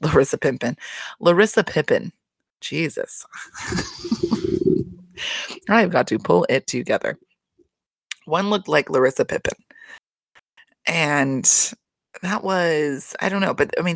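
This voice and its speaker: A woman giving a casual solo recap of a reality show, rambling and expressive, swearing freely and laughing often. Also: low-pitched, a little slow, pauses often, no room sound, clean studio sound.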